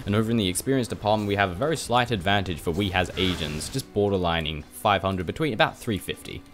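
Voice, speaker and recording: A man casting a video game match play by play, rapid and chatty with casual swearing. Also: sits low, lively intonation. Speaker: esports caster. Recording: music playing behind.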